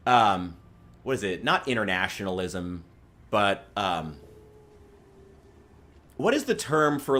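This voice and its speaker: A man giving rambling casual commentary on a stream, angry and swearing, often stopping to restart his sentences. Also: mid-range voice. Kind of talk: casual commentary reacting to news.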